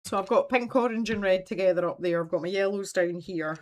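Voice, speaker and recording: A woman's voice: medium pitch, brisk. A Scottish woman hosting a casual art livestream from home, chatting in a meandering way and laughing often.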